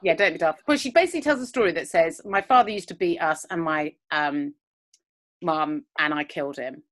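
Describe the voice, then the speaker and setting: Her voice is low-pitched and a bit bright, and she talks a little fast. This podcast co-host, recording remotely at home over a video call, meanders through a TV episode recap, retelling scenes and filling gaps with lots of fillers.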